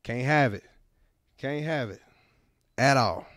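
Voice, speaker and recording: A man's voice: medium pitch, slow pace, a bit bright, no room sound, clean studio sound. A man hosting a radio podcast and delivering a comedic monologue in a laid-back storytelling manner, repeating his punchlines. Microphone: studio microphone.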